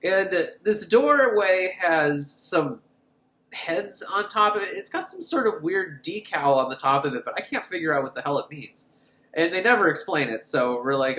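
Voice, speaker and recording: A man's voice: fairly high pitch, very animated, moderate pace, sharp tone, reverberant. A young man hosting a comic film recap, sarcastic and joking, laughing often. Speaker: podcast host.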